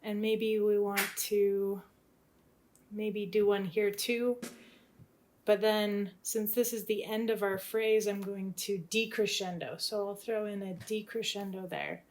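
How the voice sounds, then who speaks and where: Woman, music theory teacher, thinking aloud, relaxed, tentative, composition walkthrough. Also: mid-range voice, takes it slowly. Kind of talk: talking through a composition demo.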